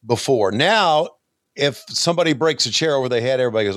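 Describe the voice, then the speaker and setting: A man's voice: medium pitch, animated, fast, a bit bright, no echo. An older man co-hosting a casual chat, making dry, wry comments. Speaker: podcast co-host.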